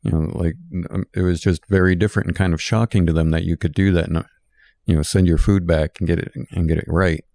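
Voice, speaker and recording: A man's voice: low-pitched, steady tone, fast, creaky, warm tone, no echo. A man in a casual podcast chat, telling a loose, rambling story.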